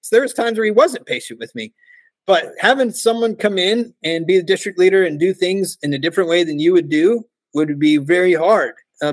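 A man guest on a podcast, chatting and telling stories in an animated way, laughing often and acting out what others said. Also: on the high side, no room sound, poor audio. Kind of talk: casual storytelling chat.

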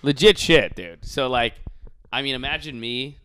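Bright-voiced young man, profane podcast host. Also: mid-range voice, normal speed, clean tone. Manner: profane, animated storytelling with shouted impressions. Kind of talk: casual chat.

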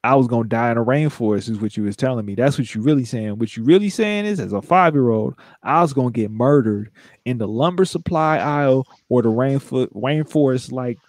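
A man's voice: mid-range voice, lively intonation, a little fast, darkish tone, no echo, clean studio sound. A man co-hosting a casual chat, telling jokey stories in a slangy way. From San Francisco. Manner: joking, slangy storyteller.

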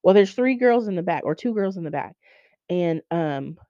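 A woman hosting a faith podcast, telling stories in an animated way and acting out other people's voices. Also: on the low side, normal speed, no echo. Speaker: podcast host. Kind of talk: faith podcast chat, storytelling. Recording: dull lo-fi sound.

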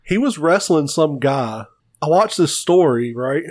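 A man on a casual podcast tells stories with plenty of swearing, slipping into the voices of the people he quotes. His voice sits a little high for a man. The sound is dry and close, with no room echo. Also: a little slow. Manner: profane, animated retelling with quoted voices. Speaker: podcast co-host. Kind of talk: casual chat, storytelling.

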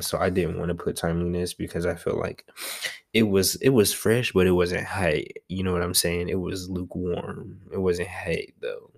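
A man's voice: low-pitched, a little mellow. A young man, a student, talking through a class assignment in a casual, rambling way, correcting himself and using slang.

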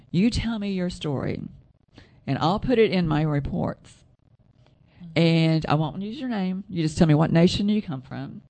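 Soft-voiced woman with a gravelly edge. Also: lowish voice. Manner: rambling, self-correcting storyteller with frequent laughs. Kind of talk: storytelling in casual chat.

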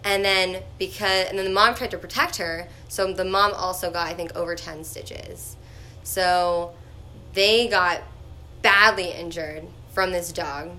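A young woman telling a personal story in a casual, chatty vlog, full of "like" fillers and animated retellings. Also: fairly low pitch, unhurried. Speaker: vlogger.

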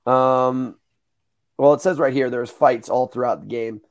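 A young man hosting a podcast, telling stories in a casual, animated way, swearing and acting out the voices of the people in them. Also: medium pitch, unhurried. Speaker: podcast host. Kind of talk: casual storytelling chat.

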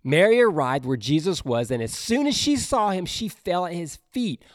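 During his sermon, this man dramatically and slowly reads scripture, then shifts into relaxed, chatty asides. His high-sitting voice swings widely in pitch, recorded at studio quality with no echo.

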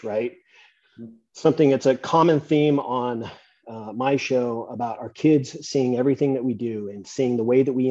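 Middle-aged male host, husky and warm-toned, easy storyteller; slightly muffled lo-fi audio. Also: medium pitch. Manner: relaxed storytelling, acts out dialogue. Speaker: podcast host. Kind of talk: conversational interview. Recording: dull lo-fi sound.

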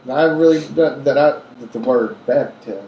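A man's voice: mid-range voice, moderate pace, dark tone, reverberant, slight background noise, low-quality recording. A man in a casual Bible discussion, mostly affirming with short interjections. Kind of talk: casual chat.

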